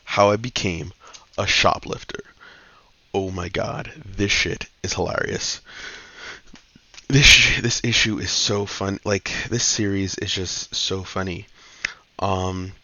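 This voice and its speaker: A man hosting a casual comic book review, retelling plots in a slangy, profane, excitable way. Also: low voice, slow pace, pauses often, dry recording. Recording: dull lo-fi dry recording.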